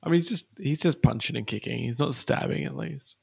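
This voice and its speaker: A man's voice: medium pitch, brisk, gravelly, slightly rough. A man playing a tabletop game, thinking aloud about his character's moves in a loose, casual way. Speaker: player.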